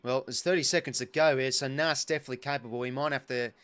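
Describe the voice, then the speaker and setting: Young Australian man, fan commentary, partisan, casual, mid-pitched voice. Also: fast talker, clean tone. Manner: chatty, partisan, excitable bursts. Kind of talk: live watch-along commentary.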